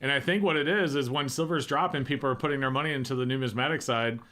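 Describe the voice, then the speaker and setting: Man, easygoing livestream host, mid-pitched, musing, chatty. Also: fast. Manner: relaxed, thinks aloud with restarts. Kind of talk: casual livestream chat.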